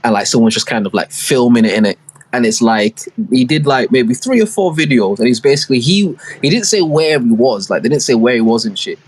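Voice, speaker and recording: A man's voice: medium pitch, animated, fairly quick, breathy edge. A young man, co-hosting a podcast and telling a rambling story full of slang and fillers in casual chat. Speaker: podcast co-host.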